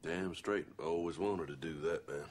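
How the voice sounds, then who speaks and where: A man's voice: deep voice, normal speed, slight background noise, natural voice. An actor playing a laid-back, crude male office worker in a film clip, with a drawling, unbothered manner.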